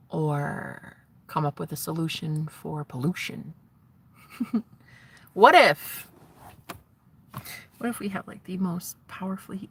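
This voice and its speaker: A woman hosting her own livestream, rambling dreamily and swinging from giggly to hushed. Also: low voice, a little hiss or hum. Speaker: livestream host. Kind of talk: rambling live-stream chat.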